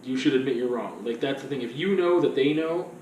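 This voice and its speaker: A man's voice: mid-range voice, fairly quick, a little mellow, slight background noise. Rambling man, roomy and distant. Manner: rambling, filler-heavy, loose and conversational. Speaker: vlogger. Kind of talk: casual rambling monologue.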